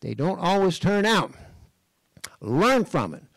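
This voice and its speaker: An older man from Western Massachusetts speaks at a design school event in a folksy, animated storytelling manner. His voice sits high, and he clears his throat again and again. The sound is dry, with no room around it. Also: slow, dry recording, low-quality recording. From Western Massachusetts, USA. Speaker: speaker at a design college talk. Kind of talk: storytelling talk. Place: lecture stage.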